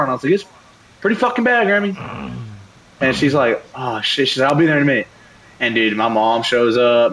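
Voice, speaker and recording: A young man streaming a game, telling a story in a casual, animated rant full of slang and cursing. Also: mid-range voice, a little hiss or hum, rough recording. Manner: animated, profane, slangy ranting. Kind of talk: casual storytelling while gaming.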